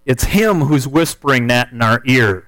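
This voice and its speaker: A man, telling a hunting story in a folksy, animated way as part of a sermon. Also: mid-range voice, moderate pace, no room sound, poor audio. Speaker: speaker telling a testimony.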